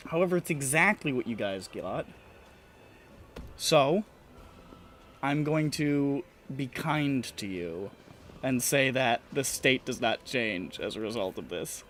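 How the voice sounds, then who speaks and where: A man's voice: medium pitch, lively intonation, slow, fairly bright tone, a little hiss or hum. A man narrating as game master in a casual, swearing, laughing manner.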